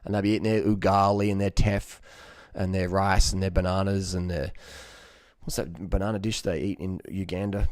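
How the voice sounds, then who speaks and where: A man speaks in a casual, rambling vlog monologue with a low voice. He is blunt and profane, joking as he goes and leaning on fillers. The recording is dry and close, with no room sound. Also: flat delivery, normal speed, a little mellow, no room sound. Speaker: vlogger giving diet advice.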